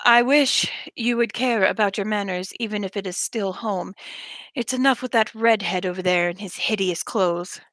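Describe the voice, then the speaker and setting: A woman's voice: medium pitch, normal speed, fairly bright tone, dry recording, lightly acted. A woman voicing a haughty young man who sneers at others' manners, with a sarcastic, cutting delivery.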